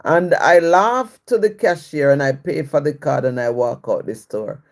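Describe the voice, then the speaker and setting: A woman's voice: low-pitched, normal speed. A woman hosting a live video, telling a personal story and greeting viewers with blessings. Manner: warm blessings to viewers, repetitive and reflective. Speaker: live-stream host.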